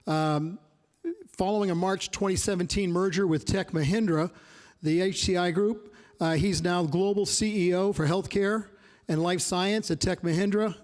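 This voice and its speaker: A man moderating a panel at a live event, reading speaker introductions in a steady way. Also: high voice. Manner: steady, reads bios. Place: event room before an audience. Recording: long reverb from a large hall.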